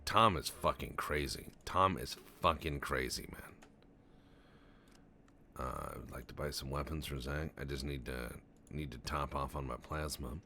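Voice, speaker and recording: A man commenting on a game he is playing, telling long absurd stories in a deadpan way, stammering and swearing often. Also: rumbling low, unhurried, a little hiss or hum. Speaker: Let's Play commentator. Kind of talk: casual game commentary with rambling tall tales.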